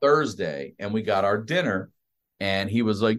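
A man, a comedian guest on a podcast, telling a hospital story in a casual, profane, animated way. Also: lowish voice, normal speed. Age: adult with a child. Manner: animated, profane, acts out other people's voices.

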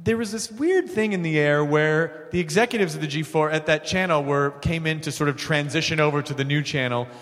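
A man hosting a live podcast, telling stories in a lively, profane way in front of an audience. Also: on the high side, fairly quick, few pauses. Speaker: podcast host. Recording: long hall reverb.

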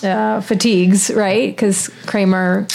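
A woman's voice: medium pitch, little pitch movement, slow pace, gravelly, darkish tone. A woman co-hosting a casual chat podcast, speaking loosely with many fillers. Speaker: podcast co-host.

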